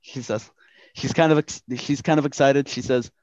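A man's voice: mid-range voice, fairly even intonation, normal speed, a little mellow, no echo, lo-fi sound. A man running a casual tabletop game, narrating with many restarts and mild swearing. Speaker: game master.

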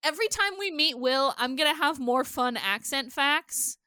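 A woman's voice: high-pitched, expressive, moderate pace, sharp tone, dry recording, studio quality. A woman co-hosting a podcast, chatting casually and ranting with profanity. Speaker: podcast co-host. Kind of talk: casual chat.

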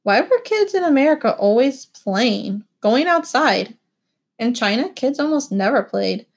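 A woman giving expressive, animated first-person audiobook narration. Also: a little high, unhurried, slightly rough.

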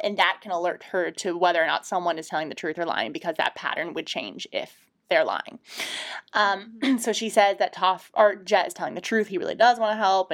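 A young woman co-hosting a podcast, retelling episodes in casual chat, swearing and laughing often. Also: mid-range voice. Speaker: podcast co-host.

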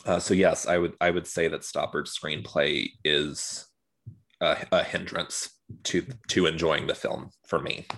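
A man co-hosting a podcast, talking through a film review in a measured way and often repeating words as he thinks. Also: a bass voice, fairly even intonation, a bit bright, slightly rough. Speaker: podcast co-host. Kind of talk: casual film review chat.

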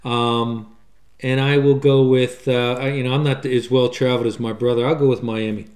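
A man's voice: mid-range voice, steady tone, moderate pace, darkish tone, reverberant. A man co-hosting a podcast, chatting casually, joking and swearing. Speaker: podcast co-host. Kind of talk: casual chat.

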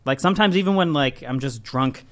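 A man's voice: mid-range voice, fairly quick, fairly bright tone. Wry young man co-hosting a podcast. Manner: joking, wry asides. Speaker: podcast co-host. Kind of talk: casual podcast chat.

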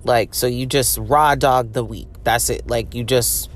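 A woman's voice: a bass voice, fairly even intonation, measured pace. A young woman hosting a podcast, talking in a rambling, profane comedic monologue full of "like" and laughter. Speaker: podcast host.

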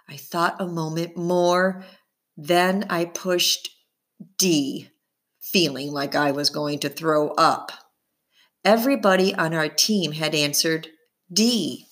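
In a lowish voice, a woman reads a first-person audiobook aloud. Her narration is expressive, rising and falling with the story's tension.

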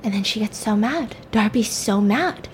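A woman casually telling a made-up thriller story, animated and chatty, full of "like"s. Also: medium pitch, moderate pace, slight background noise. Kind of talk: casual spoken fiction storytelling.

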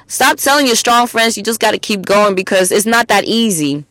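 A woman hosting a solo podcast, talking bluntly and emphatically with lots of swearing, swinging between loud outbursts and low asides. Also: animated, moderate pace, no room sound. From immigrant to the US. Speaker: podcast host.

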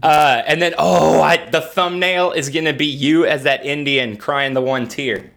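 A man co-hosting a casual comedy podcast, playful and quick to jump into bits, with some swearing. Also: fairly high pitch, steady tone, vocal fry, fairly bright tone. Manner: playful, jumps into bits with put-on voices, swears. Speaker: podcast co-host.

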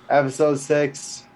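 Slow-talking young man, blunt and slangy. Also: a little high, a little mellow, low-quality recording. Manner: blunt, slangy, swears freely. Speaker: podcast co-host. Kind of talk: casual chat reviewing a TV episode.

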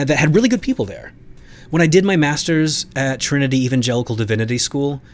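A man hosting a solo podcast, talking through listener mail in a conversational, reflective way with occasional restarts. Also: mid-range voice. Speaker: podcast host.

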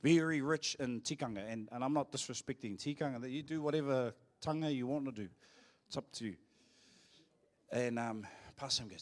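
A male pastor with a New Zealand accent, preaching a sermon in a church and telling cheeky, joking stories, acting out quotes in a louder voice. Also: medium pitch, moderate pace. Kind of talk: sermon with storytelling.

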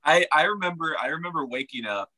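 A man's voice: fairly high pitch, animated, fast talker, pushed and bright, low-quality recording. A man telling a story in a casual podcast chat, laid-back and full of fillers.

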